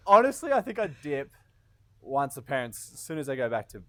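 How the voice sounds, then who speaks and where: Lively Australian man, teasing banter. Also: mid-range voice, a little fast. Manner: laughing, teasing interjections. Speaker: podcast co-host. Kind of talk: casual banter.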